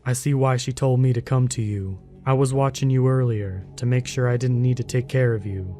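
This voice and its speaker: A man voicing a huge, rough male mountain guardian with a deep rumbling voice, a thick rural accent and a blunt, serious, folksy way of talking. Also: steady tone, normal speed, mellow, soft background music, close to an everyday voice.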